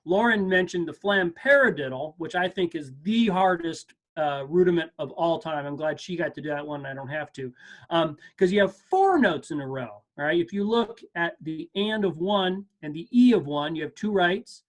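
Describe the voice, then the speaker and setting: Over a video call mic, a man teaches an online percussion lesson in a casual, encouraging, relaxed class tone. He counts beats aloud and corrects himself as he goes. His voice is a little high and his pace moderate.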